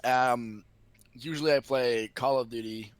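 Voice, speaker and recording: A man's voice: mid-range voice, fairly even intonation, measured pace, clear, resonant tone, no room sound. A young man from the Boston area with no regional accent, talking casually and self-deprecatingly as an interview guest. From Boston area, United States. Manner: chatty, loose and self-deprecating, many fillers. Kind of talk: casual conversation.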